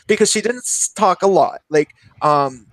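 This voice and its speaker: A man's voice: high voice, expressive, normal speed, no echo, rough recording. A man co-hosting a podcast, telling a rambling, laughing, swearing story in casual chat. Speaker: podcast co-host.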